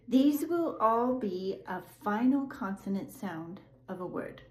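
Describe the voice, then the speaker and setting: A woman teaching English pronunciation, carefully drilling word pairs and sounds in a clear, encouraging way. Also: medium pitch. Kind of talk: slow, clear pronunciation lesson. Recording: echoey room with faint ambience.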